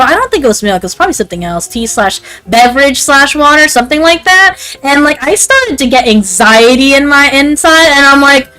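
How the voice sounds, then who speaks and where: A woman's voice: high voice, expressive, a little fast, few pauses, sharp tone, faint music behind, rough recording. A woman in her twenties chatting casually on a stream, rambling and interrupting herself with lots of fillers. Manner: rambling, self-interrupting, frequent "like" and "um". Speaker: VTuber streamer.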